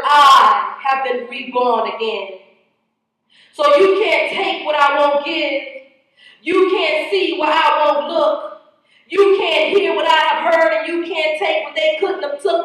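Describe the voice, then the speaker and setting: Nasal woman doing spoken word, high voice, echoey hall, far from mic. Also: sharp tone. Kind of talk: spoken word poetry performance.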